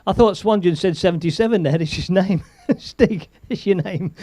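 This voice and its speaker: Chatty man, high voice. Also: normal speed, warm tone, no echo. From England. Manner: chatty, rambling, laughs often, reads viewer comments aloud. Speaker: live stream host. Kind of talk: casual live-stream chat.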